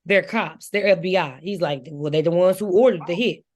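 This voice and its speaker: A woman guest in a casual book discussion, talking in an animated way with laughter. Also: on the low side, normal speed.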